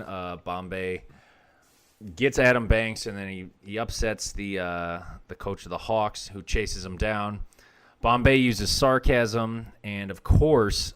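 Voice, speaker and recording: A man's voice: low voice, fairly bright tone, clean tone. A man co-hosting a podcast, recapping a film plot in casual chat with dry asides. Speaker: podcast co-host. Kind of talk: casual movie review chat.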